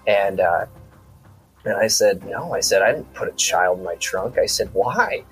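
A deep-voiced man from South Dakota guests on a podcast and tells a long story in a loose, rambling way. He keeps acting out both sides of conversations as he goes. Soft music plays quietly behind him. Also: moderate pace, breathy edge, poor audio. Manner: rambling retelling full of quoted dialogue and repeated "I said". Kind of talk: casual storytelling.

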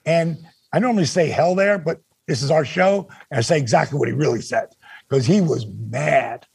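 An older man with a gravelly, husky voice, pitched a little high for a man, tells stories as a podcast guest. He gets animated and swears freely. The recording is close and dry. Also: no room sound. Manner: animated, swears freely, acts out quoted dialogue. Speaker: podcast guest, former wrestler. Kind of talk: casual podcast storytelling.

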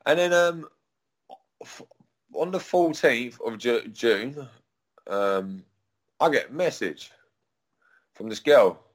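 A man's voice: medium pitch, animated, slow, long pauses. Man, young adult, profane rambling rant, lots of restarts, casual storytelling. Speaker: adult performer.

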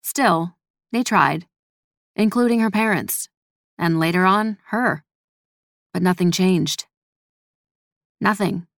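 A woman narrating a scripted audiobook story in a measured, steady way. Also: fairly low pitch, creaky, no echo, clean studio sound.

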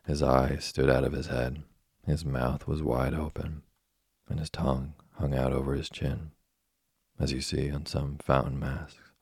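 A man reading a classic children's story aloud as a slow, soft, monotone sleep story. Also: very deep voice, vocal fry, slightly rough, no room sound, studio quality. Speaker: narrator. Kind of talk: scripted sleep story narration.

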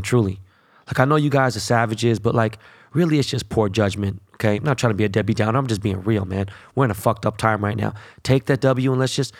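A young man hosting a sports podcast, ranting bluntly with constant profanity in a casual, animated way. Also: lowish voice, creaky, dry recording, studio quality. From Los Angeles. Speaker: podcast host.

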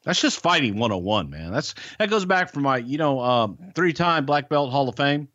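A man chatting on a podcast in a blunt, folksy way, giving his opinions flatly. The audio is dry and a touch muffled. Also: mid-range voice, moderate pace, no room sound. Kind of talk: casual storytelling chat.

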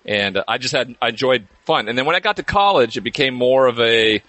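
Easygoing man telling stories fast. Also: mid-range voice, lively intonation, sharp tone, no echo. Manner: easygoing, fills pauses with "uh". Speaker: guest, former football player. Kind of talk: relaxed interview storytelling.

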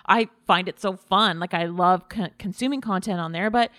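A woman's voice: on the low side, moderate pace, fairly bright tone, no room sound, clean studio sound. A woman, a beauty podcast co-host, talking candidly in casual conversation.

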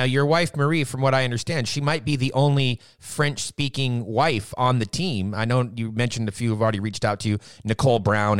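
A man's voice: medium pitch, clear, resonant tone, no echo. Chatty male podcast host, dry sound. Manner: chatty, self-deprecating, laughs easily. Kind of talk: casual interview.

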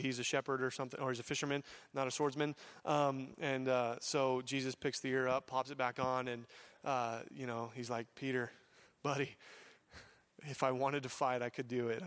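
A man's voice: mid-range voice, fairly bright tone. A man preaching a sermon as pastor, telling a Bible story in a casual, chatty way with voiced asides and many fillers.

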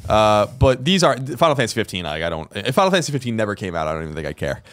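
A man co-hosting a gaming podcast talks in a casual, rambling way, often restarting his sentences. His voice is low and smooth, and the studio mic sounds close and dry. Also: big pitch swings, rapid-fire, a bit bright, dry recording. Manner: rambling, hesitant, many restarts and fillers. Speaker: podcast co-host. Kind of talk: casual chat.

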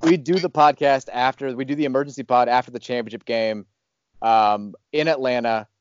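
A man's voice: mid-range voice, a little fast, smooth, no room sound, muffled recording. A man hosting a podcast, chatting casually and reading out listener reviews. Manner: easygoing, reads listener reviews. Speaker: podcast host.

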